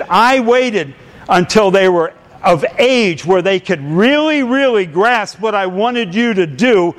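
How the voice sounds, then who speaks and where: A man preaching, telling a personal story with animation and building into fervent exhortation. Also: sits high. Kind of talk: sermon with storytelling. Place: church sanctuary. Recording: long hall reverb.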